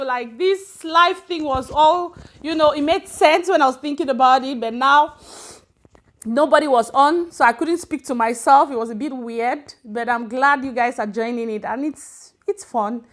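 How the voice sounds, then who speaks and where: A woman's voice: high-pitched, a little slow, a bit bright. A woman from Africa hosting a casual livestream, chatting and greeting viewers by name. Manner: chatty, greets viewers by name, switches between English and Swedish. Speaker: livestream host. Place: home in Sweden.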